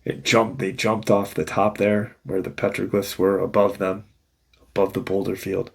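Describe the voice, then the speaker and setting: A man's voice: low-pitched, flat delivery, normal speed, vocal fry, slightly rough. A man host casually retelling an encounter story in a loose, rambling way, full of restarts and "you know".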